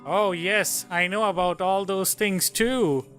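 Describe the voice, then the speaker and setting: A man voicing a courteous, rambling old male historian who talks in a slow, formal way, with faint game music behind. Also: high-pitched, fairly bright tone, pitched above the performer's own voice. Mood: knowing.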